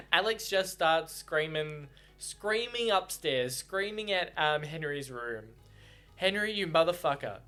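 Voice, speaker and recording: A man chatting casually about a book, excitable, swearing freely and laughing often. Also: on the high side, slow, clean tone, soft background music. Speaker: book reaction vlogger. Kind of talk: casual chat.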